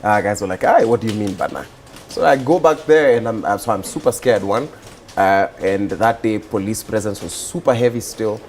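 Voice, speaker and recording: A young man with a Kenyan accent, a guest on a talk show, telling his story in a relaxed, rambling way with many fillers. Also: fairly low pitch, normal speed, slight background noise. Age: young adult. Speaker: guest, activist and musician. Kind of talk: casual interview storytelling.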